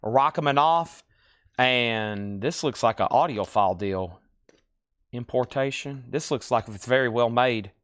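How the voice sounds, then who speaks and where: Smooth-voiced man running a record sale. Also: mid-range voice, a little slow, a bit bright, dry recording. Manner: chatty, rattles off titles and prices between side stories. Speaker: host of a live record sale. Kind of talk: live sale patter.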